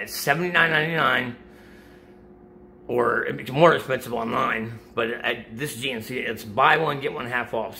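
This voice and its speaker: Man, middle-aged, gravelly voice, bright edge, winded, rambling casual chat. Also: medium pitch, a little hiss or hum. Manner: rambling, restarts sentences often. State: out of breath after working out. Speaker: vlogger giving supplement advice.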